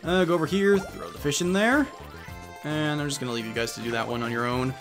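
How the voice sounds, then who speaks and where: A man's voice: a little high, fairly quick, fairly bright tone, faint music behind. A man casually commenting on a party video game, rambling and joking, often breaking into silly voices. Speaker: let's play gamer.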